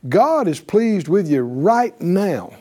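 Male preacher, high lively voice, slow measured delivery, warm mellow tone, calls for responses. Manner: animated, calls for responses with "right?"; acts out voices of believers speaking faith. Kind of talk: sermon.

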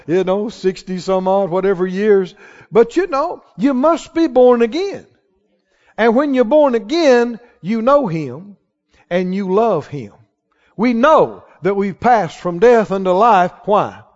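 A male pastor preaching a sermon to a congregation, emphatic and rising to shouts on key lines. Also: high voice, animated, takes it slowly. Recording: dull sound with long hall reverb.

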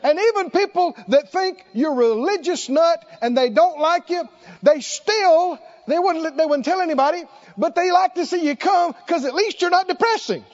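A man's voice: very high-pitched, animated, moderate pace, muffled recording. A man preaching a sermon, emphatic and exclaiming, repeating short phrases for effect.

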